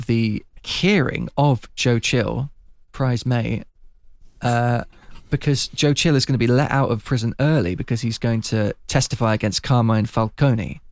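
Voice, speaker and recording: A man recapping a film in casual chat, talking fast and laughing a lot. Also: mid-range voice, dry recording. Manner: chatty, laughing, puts on voices when quoting.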